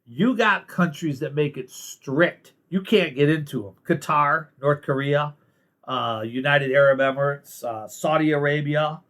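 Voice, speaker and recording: A man's voice: fairly high pitch, a little slow, a bit bright. A man from the United States giving a blunt, sarcastic monologue of political commentary as the host of his own show. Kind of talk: casual opinion monologue.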